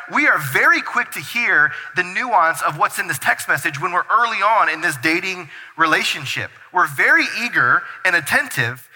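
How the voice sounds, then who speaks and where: A man preaching a sermon as pastor, energetic and full of rhetorical questions to the congregation. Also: sits high. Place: church hall. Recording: reverberant church hall.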